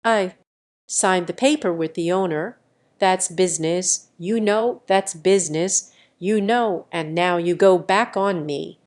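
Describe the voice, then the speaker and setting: A woman voicing a big, slow-witted husband who shouts and growls at his wife in an audiobook. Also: fairly low pitch. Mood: angry.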